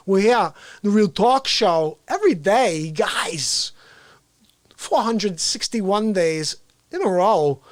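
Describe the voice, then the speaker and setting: Man doing a quirky old actor impression, halting, oddly stressed, slow. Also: high-pitched, animated, no echo, clean studio sound. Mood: deadpan. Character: impression of a quirky older male film actor.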